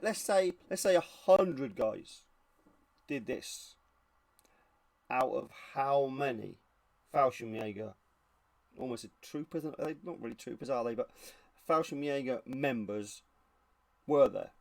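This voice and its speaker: A man's voice: mid-range voice, darkish tone. A man hosting his channel, giving casual reaction commentary in a blunt, sarcastic and sweary way. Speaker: channel host reviewing reenactor videos.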